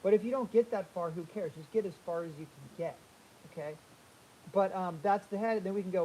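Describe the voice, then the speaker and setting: A man's voice: a little high, fairly quick, slight background noise, low-quality recording. Man teaching figure drawing while sketching. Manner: energetic, repeats phrases, talks while sketching. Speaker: art instructor. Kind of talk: live drawing demonstration.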